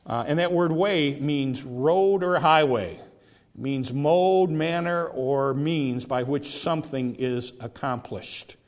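A man preaching a sermon, earnest, who repeats words as he builds a point and slows down to stress key phrases. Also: fairly high pitch.

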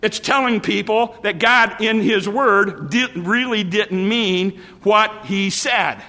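High-voiced preacher in an echoey hall. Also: male voice, sharp tone. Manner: repetitive preaching cadence with drawn-out emphatic phrases. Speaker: pastor. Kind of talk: evening sermon.

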